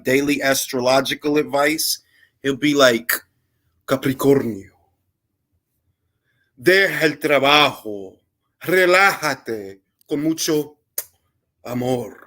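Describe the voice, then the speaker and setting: On his laid-back boxing podcast, a male host spins stories in slang-heavy English, dropping in Spanish phrases during the casual panel chat. His voice is mid-range with a fairly bright tone.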